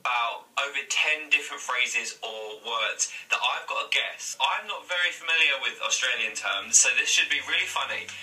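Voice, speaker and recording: A man's voice: medium pitch, moderate pace, hardly any pauses. Self-mocking man vlogging. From London. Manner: self-deprecating, animated. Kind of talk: casual vlog, guessing slang. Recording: echoey room, distant mic, faint music.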